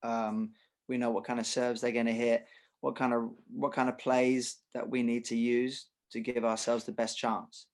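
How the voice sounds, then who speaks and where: A middle-aged man, a tennis coach talking casually on a podcast and telling animated examples. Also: mid-range voice, normal speed. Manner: animated storyteller, uses acted examples.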